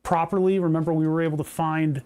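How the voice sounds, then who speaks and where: Male streamer, higher pitch, casual rambling tinkering talk with wry jokes. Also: flat delivery, fast talker, a little mellow. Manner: rambling, joking, talks to chat while working. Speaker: maker streaming a hardware project.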